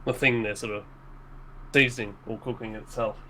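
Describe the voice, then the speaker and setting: A man's voice: on the low side, fairly even intonation, moderate pace, bright, forceful tone, a little hiss or hum, low-quality recording. A man playing a tabletop game, rambling and hedging with lots of fillers as he describes his moves. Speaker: player. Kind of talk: casual tabletop game chat.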